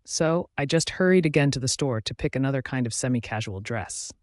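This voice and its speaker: A man reading first-person audiobook narration in a steady storytelling voice. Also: medium pitch, fairly quick, no echo, studio quality.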